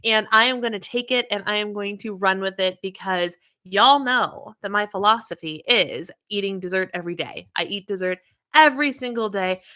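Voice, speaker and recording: Bright chatty woman hosting a livestream. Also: mid-range voice, normal speed. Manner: chatty, greets viewers by name, frequent laughs. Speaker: livestream host. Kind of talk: casual livestream chat.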